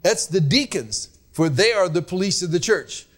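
A male pastor preaching to his congregation in an earnest, admonishing way. His voice sits a little high for a man. He stretches out the words he wants to land. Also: animated. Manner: earnest, admonishing, drawn-out emphasis. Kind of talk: sermon.

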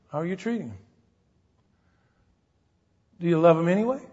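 A man's voice: high voice, lively intonation, brisk, pauses often, a little mellow, breathy edge. A man preaching an earnest, folksy sermon, acting out the people he quotes. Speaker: pastor. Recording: dull recording in a hall with long reverb.

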